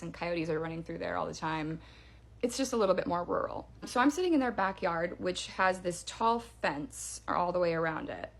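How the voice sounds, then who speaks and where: A woman telling a scary personal story in a casual storytime manner, hushed and dramatic, with many fillers. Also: lowish voice, creaky.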